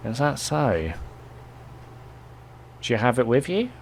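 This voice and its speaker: A man's voice: medium pitch, big pitch swings, takes it slowly, vocal fry, slight background noise, voice pushed up, heavily acted. A man doing a smug, sarcastic head scholar. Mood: mocking. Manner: sarcastic, needling questions. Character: smug, distrustful male head scholar of a library-fortress.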